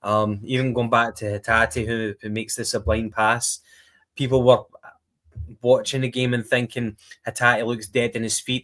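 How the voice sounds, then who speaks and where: Hesitant man chatting about football. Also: mid-range voice. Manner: hesitant, lots of ums, animated retelling. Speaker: podcast co-host. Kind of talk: casual football chat.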